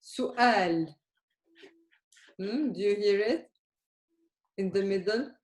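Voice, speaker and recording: A woman teaching a beginners' language class, speaking slowly and carefully. She keeps checking in with her students, and the room around her rings with echo. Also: medium pitch, lively intonation, warm tone. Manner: patient, questioning, checks understanding often. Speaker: Arabic teacher. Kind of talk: live beginner language lesson. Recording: echoey room.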